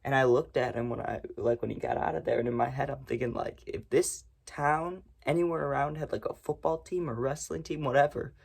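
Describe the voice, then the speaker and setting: A man's voice: mid-range voice, steady tone, a little fast, vocal fry, few pauses, breathy edge. A young man casually telling a rambling, profane story to his viewers. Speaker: storytime vlogger.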